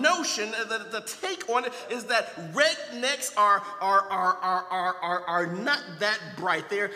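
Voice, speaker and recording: High-voiced folksy priest in an echoey church. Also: male voice, pushed and bright. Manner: folksy, joking, talks directly to the congregation. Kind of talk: sermon. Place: large church. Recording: echoey church hall, long reverb.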